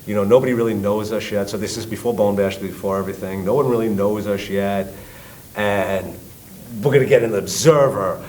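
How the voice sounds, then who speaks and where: A middle-aged man with a New York accent tells his story in an animated way, jumping into loud voices for the people he quotes and swearing freely. His voice sits fairly low. A faint rumbling noise runs under the recording. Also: brisk, poor audio. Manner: lively, acts out quotes loudly, swears. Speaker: guest, tribute band singer.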